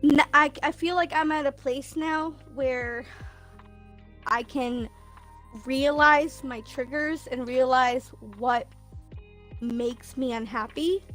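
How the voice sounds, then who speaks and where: A woman's voice: high-pitched, steady tone, takes it slowly, a bit bright, soft background music. A young woman speaking candidly as a guest on a casual livestream, laughing often and a bit emotional. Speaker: guest, best friend of host.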